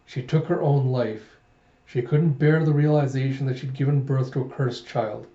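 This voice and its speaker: Mellow-voiced man retelling a manga. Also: mid-range voice, normal speed. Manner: animated retelling, acts out scenes. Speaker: manga reviewer. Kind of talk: reading a manga aloud with commentary. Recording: dull echoey home recording.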